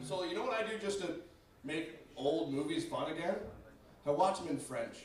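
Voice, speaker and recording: A man's voice: on the high side, expressive, moderate pace, long pauses. A young man performing a stand-up comedy set in a club, brash and profane, talking straight to the crowd. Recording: echoey club, mic far off.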